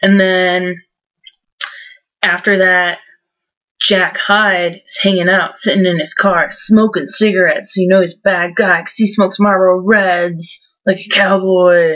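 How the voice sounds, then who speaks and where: A woman's voice: on the low side, steady tone, a little slow, a bit bright. A young woman in her twenties giving a mocking, casual book recap, full of sarcasm and "like". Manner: mocking, sarcastic, heavy use of "like". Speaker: book reviewer vlogger. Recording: dull lo-fi home recording.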